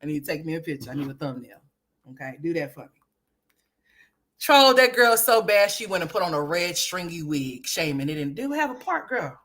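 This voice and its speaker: A woman's voice: fairly low pitch, very animated, fairly quick, fairly bright tone. A woman hosting a gossip commentary livestream, profane and trash-talking, laughing often and talking straight to her viewers. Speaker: livestream host.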